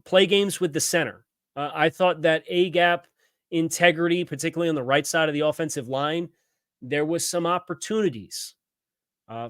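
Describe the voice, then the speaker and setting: A man's voice: a little high, fairly bright tone, no room sound, studio quality. A man hosting a sports podcast, reading ads and then breaking down football tactics in a conversational way. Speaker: podcast host.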